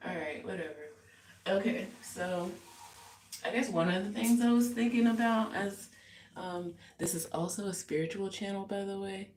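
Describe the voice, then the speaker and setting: A woman's voice: medium pitch, moderate pace, darkish tone, reverberant, a little hiss or hum, poor audio. A woman musician chatting casually in a live get-ready-with-me vlog, rambling and reflective with many fillers. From United States. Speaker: musician and vlogger. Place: small hotel bathroom indoors.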